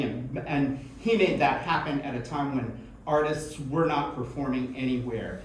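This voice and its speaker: A man hosts a small live event in a music school, with a voice pitched a little high. He talks in an effusive, chatty way and laughs often. The sound is heavily echoey, picked up from far off with a noisy room behind him. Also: normal speed. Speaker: event host. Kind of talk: live stage introductions.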